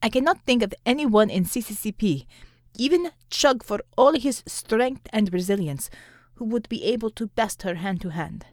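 A woman voicing a stern, cold female commissar who speaks in a clipped, flat way through clenched teeth. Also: mid-range voice, no echo, studio quality, close to an everyday voice.

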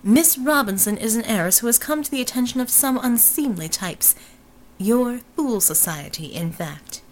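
A woman's voice: on the high side, lively intonation, normal speed, close to an everyday voice, rough recording. Woman voicing a grandiose pulp-hero doctor. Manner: florid, old-fashioned, courtly.

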